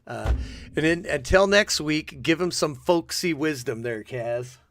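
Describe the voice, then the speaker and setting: A man hosting a podcast in casual chat, reacting excitably to clips and laughing often. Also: a little high, a little slow, slight background noise. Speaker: podcast host.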